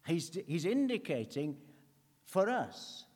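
A man giving a conversational sermon as a preacher, earnest, swinging between emphatic lines and hushed ones. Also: a little high, very animated, takes it slowly. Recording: long hall reverb.

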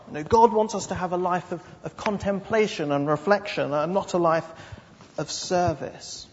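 A high-voiced male preacher who tells his story dramatically and repeats phrases for effect, his pitch ranging widely. The sound is dull and lo-fi, with a long reverb from a hall. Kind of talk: sermon.

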